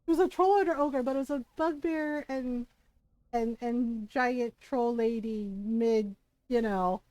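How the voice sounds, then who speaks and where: A woman's voice: fairly high pitch, measured pace, a little mellow, rough recording. A woman streamer chatting casually while she plays, rambling and giggling, with lots of "like" and "right?". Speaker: game streamer. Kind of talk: casual gameplay commentary.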